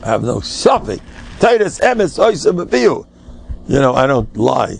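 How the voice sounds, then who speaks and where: Older rabbi with a gravelly, lively voice. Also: male voice, mid-range voice, moderate pace. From United States. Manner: emphatic, joking, mixes Yiddish and Hebrew words. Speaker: rabbi giving a class. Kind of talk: informal Torah lecture.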